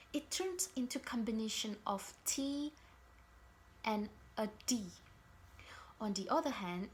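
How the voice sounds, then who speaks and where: Slow, careful woman rehearsing a talk. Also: a little high, slight background noise. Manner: slow, careful, with pauses and restarts. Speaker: student presenter. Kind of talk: rehearsed oral presentation.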